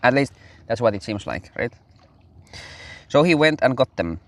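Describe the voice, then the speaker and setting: A man's voice: medium pitch, very animated, moderate pace, no echo. A man reading a Bible passage aloud and breaking off into casual commentary with fillers and restarts. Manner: reads aloud, breaks off into loose asides with fillers. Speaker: Bible study host.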